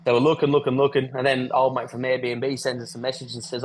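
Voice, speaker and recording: A man's voice: mid-range voice, level tone, quick pace, hardly any pauses, a little hiss or hum, poor audio. A man telling a rambling travel story on a podcast call, swearing casually. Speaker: podcast guest. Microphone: video call.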